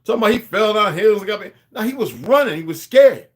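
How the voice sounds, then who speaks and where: A man's voice: high voice, lively intonation, quick pace. A man talking to his viewers in a rambling, casual monologue, drifting between asides and restarting his sentences. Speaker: vlogger.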